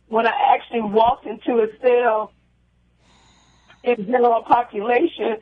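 A woman calling in as a guest, telling a personal story in a halting, heartfelt way that circles back on itself. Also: on the high side, no echo. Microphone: telephone. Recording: tinny phone line.

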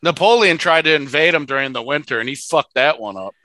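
A man's voice: on the high side, a little fast, pushed and bright, no room sound, rough recording. A man co-hosting a casual podcast over a video call, joking and swearing freely. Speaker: podcast co-host.

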